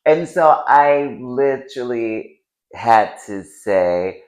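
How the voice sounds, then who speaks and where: A man's voice: on the low side, normal speed. Emphatic man in a roomy echo. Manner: emphatic, acts out his own inner voice, swears freely. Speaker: podcast co-host. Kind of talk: casual chat.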